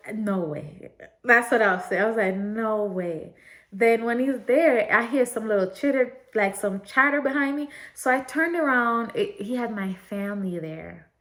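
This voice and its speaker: A woman's voice: mid-range voice, a bit bright. A young woman vlogger telling a story in a chatty, casual way, talking straight to her viewers and laughing often.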